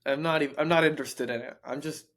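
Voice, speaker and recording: A young man co-hosting a casual book podcast, thinking out loud with many fillers and restarts. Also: fairly high pitch, steady tone, fast talker. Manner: rambling, stream of consciousness, many fillers and restarts. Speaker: podcast co-host.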